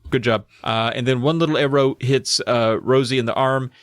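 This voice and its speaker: A man's voice: medium pitch, fairly even intonation, moderate pace, no room sound, studio quality. A man co-hosting a comedy podcast, reading a book aloud and recapping it, with sarcastic asides. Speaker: podcast co-host.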